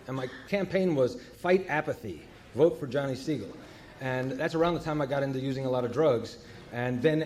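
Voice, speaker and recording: An older man telling his recovery story at a meeting, halting and full of fillers. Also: mid-range voice, darkish tone, a little hiss or hum. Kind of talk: personal recovery talk.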